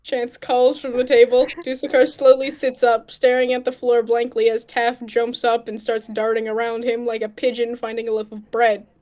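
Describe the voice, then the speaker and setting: A woman's voice: fairly high pitch, flat delivery, normal speed, few pauses, a little mellow. A woman narrating her own fanfic aloud, playful and teasing with her friends between lines. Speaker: narrator and fic author. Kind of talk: casual fanfic reading with friends.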